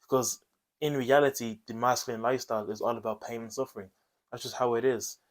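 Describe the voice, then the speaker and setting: A man's voice: mid-range voice, fairly even intonation, fast. A man talking straight to camera, giving blunt advice in a coaching tone, tagging points with "okay?" and swearing casually. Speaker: self-improvement video host. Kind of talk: direct-to-camera advice monologue.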